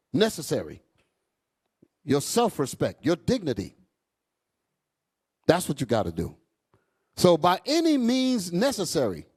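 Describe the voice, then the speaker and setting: This is a U.S. man giving his congregation a blazing, foul-mouthed sermon, calling out to them as he preaches. He's booming and animated, rising and falling dramatically, and at one point asks the crowd "y'all all right?"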